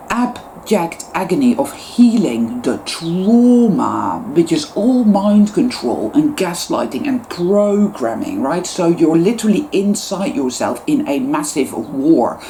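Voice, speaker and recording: A woman with a low, mellow voice delivers an intense spiritual monologue to her channel. She swears freely and hammers words over and over for emphasis, swinging between soft murmurs and sharp outbursts. A faint hiss of noise sits under the recording. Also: big pitch swings, slow pace, creaky. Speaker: YouTuber.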